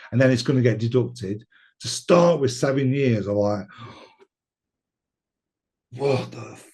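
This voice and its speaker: British guy telling a story in an interview, warm low-key voice, swears a lot. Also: slightly rough. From United Kingdom. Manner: swearing, animated storytelling with laughs. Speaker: interview guest.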